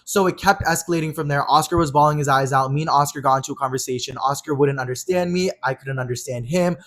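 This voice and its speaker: Fast-talking man telling a heated story. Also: a little high. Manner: animated, profanity-laden storytelling. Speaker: podcast co-host. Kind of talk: casual chat, storytelling.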